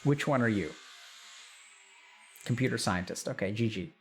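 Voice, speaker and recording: A man's voice: lowish voice, expressive, moderate pace. A middle-aged man, a doctor, chatting casually on a live stream, thinking aloud and reading out chat with frequent restarts.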